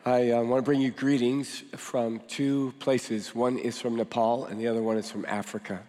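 Pastor guy with a cold preaching in a big church, voice deeper than normal, lots of uh's, long hall echo. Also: little pitch movement, moderate pace, warm tone. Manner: joking, conversational preaching with fillers. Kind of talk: sermon.

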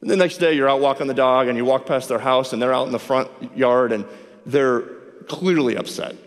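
Male pastor mid-sermon, lively and animated, voicing characters in his illustrations, reverberant church sanctuary. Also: medium pitch, fairly quick. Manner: animated, acts out both sides of conversations.

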